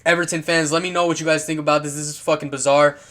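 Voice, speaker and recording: A man's voice: a little high, level tone, fast talker, a bit bright. A man casually commenting on football clips, rambling and swearing, with lots of fillers, restarts and laughs.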